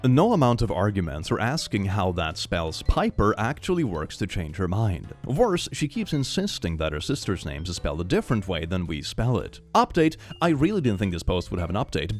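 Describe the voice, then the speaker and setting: Animated, swearing man reacting to posts. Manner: animated and profane, breaks into laughter and shrill outbursts. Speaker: host. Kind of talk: comedic reaction commentary reading posts aloud.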